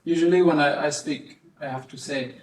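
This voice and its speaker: A man's voice: on the high side, normal speed, darkish tone, a little hiss or hum. A man from Brittany with a slight French accent, interviewing in English and mostly giving brief encouraging prompts. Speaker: interviewer, harpist. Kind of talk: casual interview talk. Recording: echoey room, mic at a distance.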